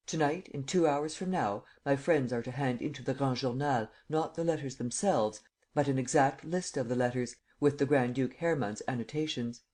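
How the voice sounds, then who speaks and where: A man voicing a commanding imperial visitor who speaks calmly and evenly, in an audiobook reading. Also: mid-range voice, moderate pace, close to an everyday voice. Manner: calm, even, stating rather than asking.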